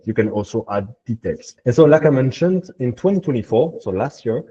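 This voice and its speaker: French-accented man, dark muffled voice. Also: mid-range voice. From France. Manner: explains step by step, slow and halting. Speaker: workshop speaker, machine learning engineer. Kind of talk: technical workshop presentation. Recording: muffled lo-fi audio.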